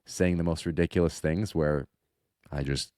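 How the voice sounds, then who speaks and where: Thirties guy podcaster, super deep voice, telling family stories, dry close sound. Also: moderate pace, no room sound. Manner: earnest storytelling, animated when quoting. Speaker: podcast co-host. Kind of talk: casual podcast chat.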